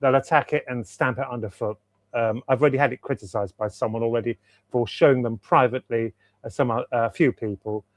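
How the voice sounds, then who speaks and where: A man's voice: medium pitch, fairly even intonation, fairly quick, no echo. A man, a guest author chatting enthusiastically in an interview over a video call, rambling and repeating himself for emphasis. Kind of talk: casual interview chat.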